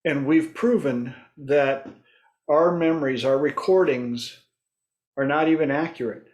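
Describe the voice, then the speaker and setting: A man's voice: fairly high pitch, a little slow. A man hosting a casual group discussion, telling stories and acting out his clients' voices. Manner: storytelling, acts out clients' voices. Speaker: host.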